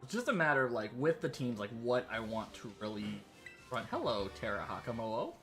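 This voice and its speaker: A worn-out male streamer talks through his game in a loose, rambling way, full of fillers and restarts, while sliding into a put-on British-sounding accent. His pitch sits in a plain middle range, and soft game music plays behind him. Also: sing-song, a little fast. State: tired. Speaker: livestreaming gamer. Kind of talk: casual gameplay commentary.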